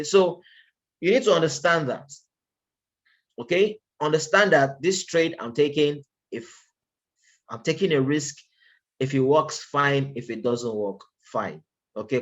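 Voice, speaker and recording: A man's voice: a little high, lo-fi sound. Man presenting a casual trading webinar. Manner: conversational, repeats "okay" often, emphatic rhetorical questions.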